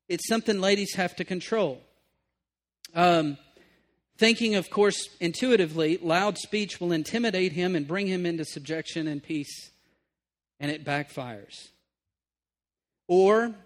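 A man preaching a sermon, moving between emphatic bursts and hushed asides, often checking in with the room. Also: sits high. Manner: conversational, checks in with listeners. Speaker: pastor.

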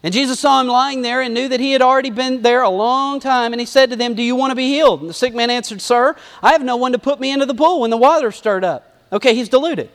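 Animated high-voiced preacher, echoey hall. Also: male voice, fast talker, few pauses. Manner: animated, conversational preaching with acted-out asides. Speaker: pastor. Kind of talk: sermon.

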